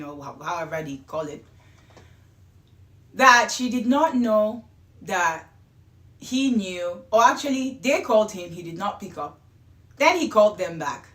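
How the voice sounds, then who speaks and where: A woman hosting a show, telling a true-life story in a chatty, rambling way with excited bursts. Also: medium pitch. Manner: chatty, wandering asides, gets louder and excited at times. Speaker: host. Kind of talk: casual storytelling. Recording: roomy echo.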